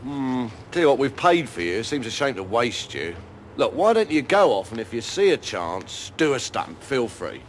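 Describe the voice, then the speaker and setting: A man presenting a comic documentary in a wry, laconic deadpan. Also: mid-range voice, normal speed, slight background noise. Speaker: comedy presenter.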